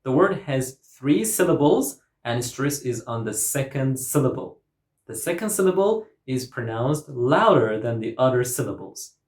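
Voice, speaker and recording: A woman with a very deep, darkish voice and lively intonation teaches English pronunciation at a measured pace, saying each word several times and drawing out its syllables. The slow, careful lesson is built on repeated model words, recorded with a roomy echo.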